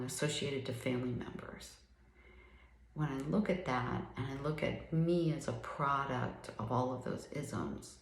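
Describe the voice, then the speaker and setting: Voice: mid-range voice, vocal fry, echoey room, rough recording. A person in their fifties giving an earnest, reflective talk about recovery, often checking in with "right?". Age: 50s. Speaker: recovery speaker.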